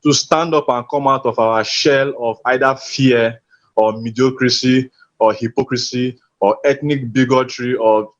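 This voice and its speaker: A man from Nigeria, giving an impassioned, emphatic rally speech over a video call. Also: medium pitch. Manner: rousing, emphatic, slogan-driven. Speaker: protest speaker. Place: hospital. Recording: muffled online call audio.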